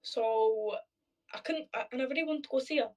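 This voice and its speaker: A woman's voice: high-pitched, a little fast, a little mellow, distant mic, rough recording. A young woman in casual chat on a video call, telling stories freely with swearing and acted-out quotes. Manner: chatty storyteller, swears freely, acts out quoted voices.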